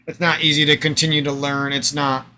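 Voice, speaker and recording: A man in a rambling, profane vlog monologue, with repeated phrases and a slightly hoarse voice. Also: fairly high pitch, completely flat delivery, brisk, sharp tone, slight background noise. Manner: profane, emphatic, repetitive, rambling. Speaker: vlogger. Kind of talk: unscripted ranting vlog monologue.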